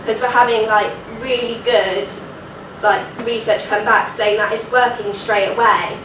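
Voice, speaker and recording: A woman's voice: on the high side, steady tone, a little slow. A young woman with a nasal voice presents her research in an earnest, informal way, leaning on "so" and "like." She sounds distant from the mic in a reverberant lecture hall, with a noticeable room hum underneath. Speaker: student presenter. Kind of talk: academic conference presentation. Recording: echoey hall recording from far off.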